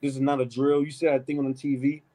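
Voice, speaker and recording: A man leading a casual, animated Bible study, reading verses and adding emphatic asides like "man" and "right?". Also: medium pitch, fast talker, rough recording. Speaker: Bible teacher. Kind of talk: street-style Bible study preaching.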